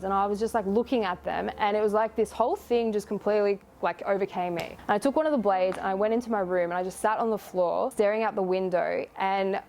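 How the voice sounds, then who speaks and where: A woman's voice: mid-range voice, darkish tone, a little hiss or hum. Candid young woman recounting her past. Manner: candid, reflective, confessional, with casual swearing. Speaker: guest telling her life story. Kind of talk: personal storytelling.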